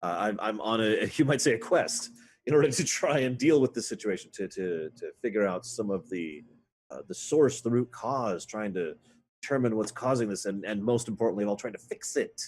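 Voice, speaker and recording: A man's voice: fairly low pitch, a little fast, a little mellow, breathy edge. A man voicing an earnest adventurer on a quest, polite and stammering.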